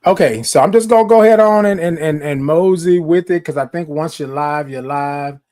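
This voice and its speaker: Guy doing a casual livestream, talks to viewers like friends, bit high voice. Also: fairly quick, darkish tone. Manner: chatty, addresses viewers as y'all, repeats himself. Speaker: host of a live morning show.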